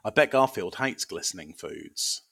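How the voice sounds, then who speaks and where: A man's voice: on the low side, expressive, moderate pace, sharp tone. A man co-hosting a podcast in casual chat, riffing in a playful, rambling way. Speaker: podcast co-host.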